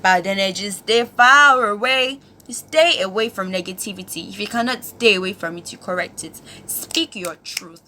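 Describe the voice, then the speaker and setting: Bright-voiced expressive woman vlogger. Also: medium pitch, normal speed, hardly any pauses. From Nigeria. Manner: expressive, emphatic, preachy rhetorical questions. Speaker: host. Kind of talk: motivational vlog talk.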